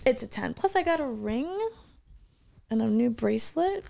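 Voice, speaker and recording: A woman in casual chat, telling stories in an animated way and swearing often. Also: fairly high pitch, moderate pace, gravelly, a little hiss or hum.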